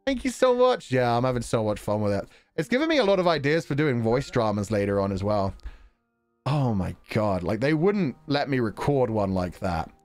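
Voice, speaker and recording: A man's voice: medium pitch, very animated, moderate pace, darkish tone, soft background music. A man chatting casually on a livestream, reading chat messages, laughing often and poking fun at himself. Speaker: game streamer reading chat.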